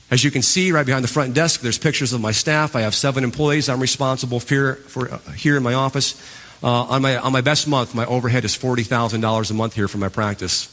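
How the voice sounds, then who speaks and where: A man giving a live stage talk to an audience, telling his story with animated energy and acting out his past reactions. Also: mid-range voice, fast talker. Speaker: motivational speaker. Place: large event hall. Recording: long hall reverb.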